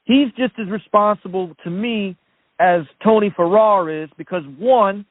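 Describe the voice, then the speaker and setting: A man's voice: sits high, unhurried, dry recording. A male caller on a call-in show delivering a furious, profane rant. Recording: dry phone line.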